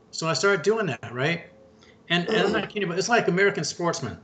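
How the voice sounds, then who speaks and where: A man's voice: high-pitched, animated, brisk, fairly bright tone. A middle-aged man co-hosting a casual talk show, telling a long story in a folksy way and calling listeners folks and bud. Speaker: podcast co-host.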